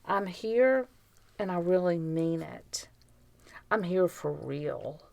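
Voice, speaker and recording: A woman co-hosting a podcast speaks slowly and deliberately, leaning hard on key words. Her voice is low and gravelly with a clear fry, and it is recorded close and dry. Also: expressive, dark tone, no echo. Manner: earnest, emphatic, slow and deliberate. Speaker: podcast co-host. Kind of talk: casual chat.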